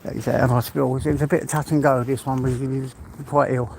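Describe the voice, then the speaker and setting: A man's voice: mid-range voice, flat delivery, fast, creaky, noisy background. An older man, chatting casually and heartfelt on a live stream, rambling and laughing often. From England.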